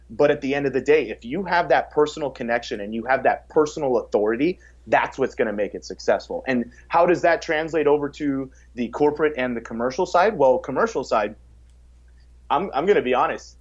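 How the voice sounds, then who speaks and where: A man in casual podcast conversation, talking about coaching with energy. He often repeats words as he starts sentences. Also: mid-range voice. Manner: acts out quotes in a raised voice. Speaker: fitness coach, podcast guest. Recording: slightly dull podcast audio.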